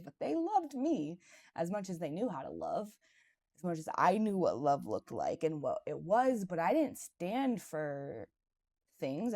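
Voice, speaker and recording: A woman's voice: mid-range voice, mellow. A woman hosting her own podcast, telling a personal story in a candid, confessional and casual way. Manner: casual and conversational, with frequent "like" and "right". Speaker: podcast host. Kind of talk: personal reflective monologue.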